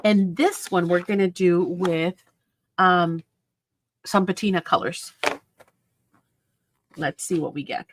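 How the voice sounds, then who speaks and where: A woman's voice: lowish voice, steady tone, slow, pauses often, background noise. A woman hosting a crafting video, chatting casually as she works and rambling through stories that trail off mid-sentence. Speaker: crafting channel host. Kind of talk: casual crafting chat while working.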